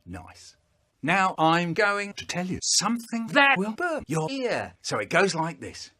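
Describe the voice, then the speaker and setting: A man's voice: high-pitched, sing-song, noisy background. A man in his sixties telling comic stories in a playful, theatrical way. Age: 60s. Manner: playful, theatrical, drawn-out emphasis. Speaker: storyteller. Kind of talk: comic storytelling, edited clips.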